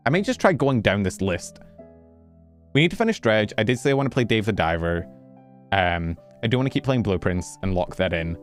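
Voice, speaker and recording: VTuber host, casual rambling talker, low-ish voice, catches breath between tangents. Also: male voice. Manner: rambling, self-interrupting, animated. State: slightly out of breath. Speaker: VTuber streamer. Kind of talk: casual chat with stream viewers. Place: warm bedroom.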